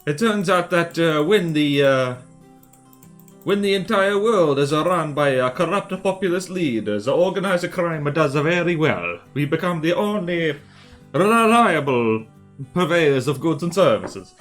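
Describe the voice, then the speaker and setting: A man's voice: a little high, expressive, unhurried, faint music behind, voice pushed up. A man putting on a jokey Italian accent as a boastful mafia boss, with broken grammar and many "uh" fillers. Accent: put-on Italian.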